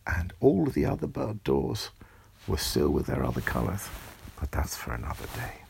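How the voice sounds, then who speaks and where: Storyteller for bedtime, very low, gravelly and breathy, hushed delivery. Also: male voice, big pitch swings, normal speed. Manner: soft, hushed, lulling. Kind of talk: bedtime story, often whispered.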